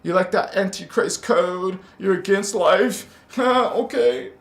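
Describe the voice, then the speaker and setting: High-pitched preachy man in an echoey room. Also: takes it slowly, vocal fry. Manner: preachy and scolding, with sudden loud chanted words; hesitant, many fillers and restarts. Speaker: spiritual channel host. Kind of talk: confrontational spiritual monologue.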